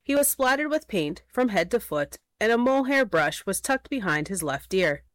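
A woman narrating a children's storybook aloud in an expressive, playful way. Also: medium pitch, moderate pace, dry recording.

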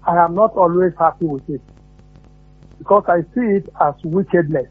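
Calling in to a radio show, a man with a Nigerian accent earnestly shares his opinion over a tinny phone line. His voice sits high and husky, at normal speed.

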